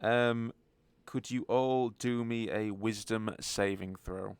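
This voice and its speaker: A man running a tabletop game as game master, with relaxed fillers and chuckles. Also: lowish voice, takes it slowly, clean tone, no room sound.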